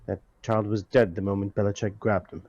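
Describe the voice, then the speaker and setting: Low-ish guy gaming w friends, calm in-character talk, super dry mic. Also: a little fast, no room sound, dull audio. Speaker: player. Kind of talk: casual tabletop game chat.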